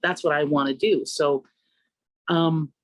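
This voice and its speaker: A woman singer from Canada talking through her craft in a relaxed radio interview, reflective and conversational, lifting her pitch when she quotes herself. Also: measured pace, no echo. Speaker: singer and vocal coach, interview guest.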